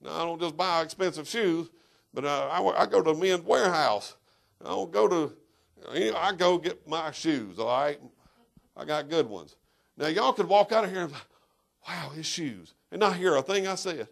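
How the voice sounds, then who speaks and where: A man preaching a sermon as pastor in a church, emphatic and animated, breaking into shouts and talking straight to the congregation. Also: a little high, normal speed, vocal fry.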